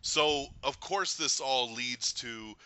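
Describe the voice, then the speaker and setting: A man's voice: medium pitch, slow, smooth, no room sound, lo-fi sound. A man hosting a podcast, retelling movie scenes in casual chat and acting out the characters' lines. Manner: animated, retells scenes with laughs and acted quotes. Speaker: podcast host.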